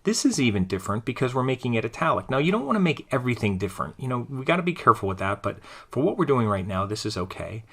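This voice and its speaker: A man teaching a design class, talking casually through each step of a screen-recorded software tutorial as he clicks along. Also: mid-range voice, quick pace, hardly any pauses, slightly rough. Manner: relaxed, thinking aloud while clicking through steps.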